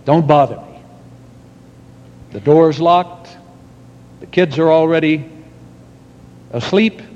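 Preacher putting on a grouchy sleepy villager, gruff mutter, slow, echoing hall, dull lo-fi. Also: male voice, on the high side, darkish tone. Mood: grumbling. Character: grumpy sleepy peasant man woken at night. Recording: reverberant hall, dull lo-fi sound.

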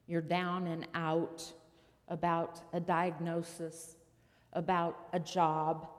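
A woman's voice: on the low side, in a large hall. A woman preacher giving a sermon, telling a story and asking the listeners rhetorical questions.

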